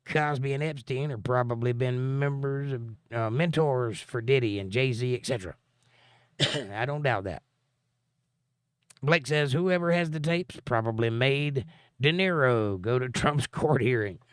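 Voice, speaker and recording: A man's voice: medium pitch, a little slow, clean tone, dry recording. A man hosting a livestream, reading viewer comments aloud and answering them with dry, sarcastic jokes. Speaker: livestream host.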